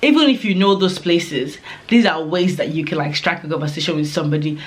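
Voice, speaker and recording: A woman's voice: sits low, fairly quick. A young woman vlogger giving casual advice to camera, chatty and rambling, with many filler words.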